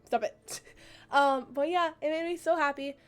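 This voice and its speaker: Excitable, rambling young woman streamer. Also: high voice, moderate pace, soft background music. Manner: rambling, excitable, full of fillers and restarts; gets choked up and emotional. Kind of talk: casual stream chat.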